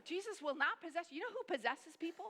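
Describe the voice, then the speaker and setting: A middle-aged woman preaching a sermon at a family camp in an animated, conversational way, acting out quotes and dropping into hushed asides. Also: extremely high pitch, fast talker, in a large hall, noisy background.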